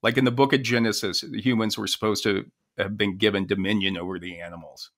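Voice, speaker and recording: A man co-hosting a podcast in casual chat, talking in halting phrases full of restarts. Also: lowish voice, fairly even intonation, fairly bright tone. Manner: halting, restarts phrases, reads poetry aloud. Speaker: podcast co-host.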